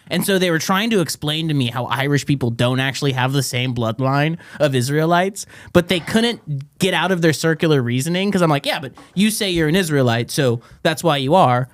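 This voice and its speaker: A man, a comedian, chatting casually on a podcast, telling animated stories and laughing often. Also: fairly high pitch, a little fast. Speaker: comedian guest.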